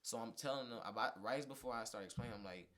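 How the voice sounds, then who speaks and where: A man's voice: mid-range voice, fast. A young man from Indiana, a fashion designer guest on a podcast, telling a story casually and acting out the dialogue of the people in it. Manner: animated storyteller, acts out quoted dialogue.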